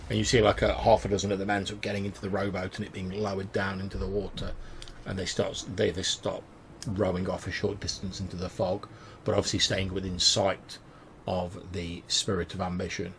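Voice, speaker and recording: A man narrating as game master over an online call in a casual, halting way. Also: low voice, little pitch movement, vocal fry, fairly bright tone, a little hiss or hum.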